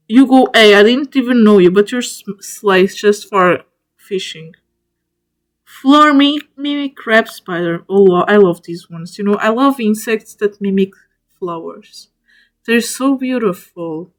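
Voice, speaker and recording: A woman's voice: medium pitch, lively intonation, a little slow. A woman streamer chatting casually to viewers, gushing over each animal she ranks and talking to them directly, often stopping and restarting mid-word. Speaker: streamer ranking spiders in a tier list.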